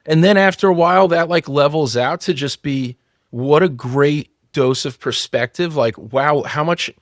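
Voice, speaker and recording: A man's voice: fairly high pitch, a little slow, no echo, clean studio sound. A man in his thirties, a company founder, telling personal stories frankly and swearing freely in a candid podcast conversation. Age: 30s.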